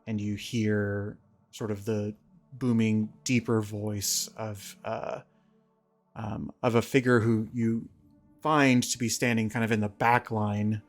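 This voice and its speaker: A man running a tabletop game as game master, narrating in a relaxed, halting way with many fillers. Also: fairly low pitch.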